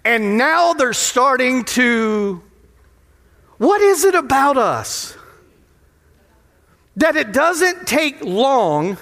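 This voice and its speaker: A man pastor preaching a lively, playful sermon in a church sanctuary, often putting questions to the crowd. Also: very high-pitched. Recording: long hall reverb of a sanctuary.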